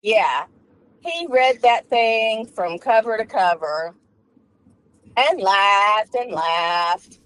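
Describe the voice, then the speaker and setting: A woman author in an interview, telling jokes in an animated way. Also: mid-range voice, drawn-out words, rough recording. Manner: animated joke teller.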